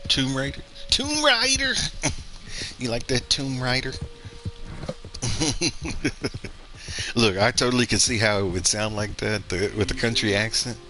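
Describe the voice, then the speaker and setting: A man's voice: medium pitch, steady tone, measured pace, long pauses, bright, forceful tone. A man giving casual gameplay commentary, thinking aloud and rambling with fillers and restarts as he plays. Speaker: gaming streamer.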